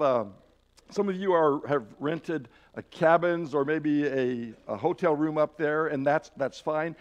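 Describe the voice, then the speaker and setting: A man's voice: on the high side, a little mellow, highs cut off. A man preaching a sermon in an earnest, encouraging way, often restarting his phrases.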